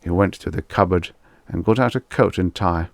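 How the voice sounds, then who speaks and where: A man with a croaky, wheezy voice narrating a vintage short story in measured storytelling. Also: low-pitched, dry recording. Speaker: audiobook narrator.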